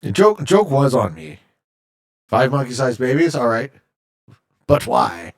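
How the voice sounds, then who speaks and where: A man's voice: medium pitch, big pitch swings, measured pace, creaky. A man streaming a game, casually reading viewer chat aloud and joking as he answers, from Canada. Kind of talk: casual live-stream chat while gaming.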